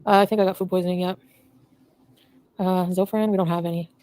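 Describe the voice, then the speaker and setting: A woman chiming in playfully off to the side of a livestream, laughing often and tossing in quick remarks. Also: on the low side, fairly even intonation, warm tone. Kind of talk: casual banter off to the side.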